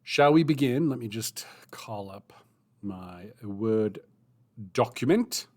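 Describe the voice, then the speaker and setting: A man's voice: medium pitch, big pitch swings. A man hosting a writing livestream, chatty and self-mocking, thinking aloud as he goes. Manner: chatty, self-mocking, thinks aloud; mutters his draft slowly and softly. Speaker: streamer hosting writing sprints. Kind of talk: casual livestream chat, then muttering while writing.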